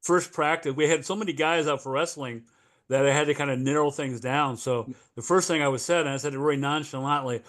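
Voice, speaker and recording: Relaxed older man in his seventies. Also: on the high side, fairly quick. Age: 70s. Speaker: former coach, guest. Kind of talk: casual reminiscing.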